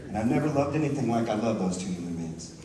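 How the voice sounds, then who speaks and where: A man's voice: fairly low pitch, animated, fast. Man in his thirties, stand-up comedian, chatty with restarts, roomy theater echo, audible hall noise. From Southern Oregon, US. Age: 30s. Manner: loose, chatty delivery with frequent restarts and asides. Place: large theater stage. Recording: echoey, distant theater recording with room noise.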